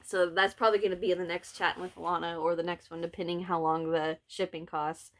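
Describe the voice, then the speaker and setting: A woman's voice: lowish voice, little pitch movement, fast talker. A middle-aged woman with a Southern Illinois accent chatting casually about her crochet projects, telling stories and laughing often. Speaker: vlog host, crocheter. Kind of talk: casual chat.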